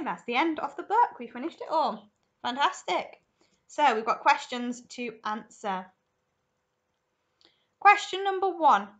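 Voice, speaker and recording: A woman primary school teacher reading a story aloud to children in a lively, expressive way. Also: on the high side.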